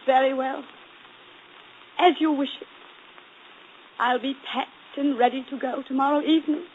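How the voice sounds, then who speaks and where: An actress playing Jane Eyre, proud young governess. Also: female voice, sits high, fairly even intonation, normal speed, lightly acted. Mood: defiant. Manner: crisp, dignified, turns bitter and fervent. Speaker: radio drama lead and narrator. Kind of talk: 1940s radio acting. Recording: muffled noisy 1940s radio broadcast.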